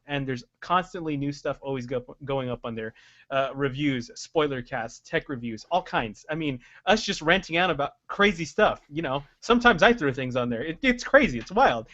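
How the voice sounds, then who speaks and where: A man's voice: fairly high pitch, fairly bright tone, dry recording. A man hosting a casual podcast, enthusiastic and laughing often. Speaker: podcast host. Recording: slightly dull lo-fi audio.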